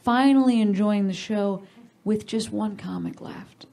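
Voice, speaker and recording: A woman hosting a comedy show, teasing audience members in quick crowd-work banter from the stage. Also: mid-range voice, warm tone. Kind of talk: crowd work between acts. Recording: live club with audience laughter.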